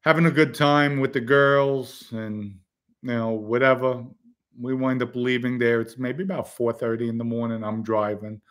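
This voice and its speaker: A man's voice: mid-range voice, steady tone, normal speed, fairly bright tone. A man from the Bronx, casually telling blunt, profane stories on a podcast and laughing at his own jokes. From the Bronx, New York. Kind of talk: casual storytelling chat.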